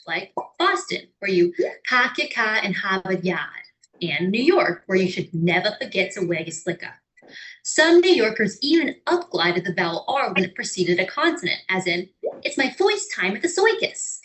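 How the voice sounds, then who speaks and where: A woman with an American accent giving clear, scripted educational narration. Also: medium pitch, fairly bright tone, low-quality recording. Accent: General American. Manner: clear, explanatory, with sung or acted example words.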